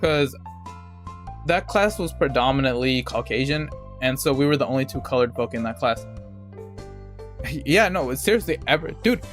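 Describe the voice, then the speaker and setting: A man's voice: medium pitch, expressive, moderate pace, pauses often, soft background music. A young adult man streaming a game, telling a rambling, profane story in a casual, laid-back way. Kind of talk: casual storytelling while gaming.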